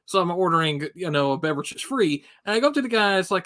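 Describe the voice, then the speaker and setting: A man with a Southern US drawl co-hosts a loose, profane stream chat. His voice sits high and sounds bright and forceful as he launches into animated stories. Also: fast. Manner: animated, swears freely, tells stories. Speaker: stream co-host.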